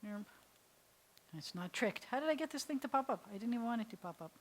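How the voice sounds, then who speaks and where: A woman's voice: on the high side, lively intonation, fast talker. Playful, chatty woman teaching a lesson. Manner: playful, chatty, jokey explanations; talks aloud to her computer while working. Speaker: rabbi teaching Hebrew. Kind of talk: casual beginner language lesson.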